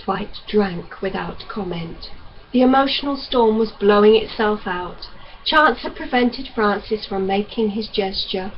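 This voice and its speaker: A woman reads a novel aloud in an even, unhurried manner, her voice sitting in the middle of the range. The recording sounds dull and lo-fi, with a faint hiss underneath. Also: medium pitch. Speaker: audiobook reader.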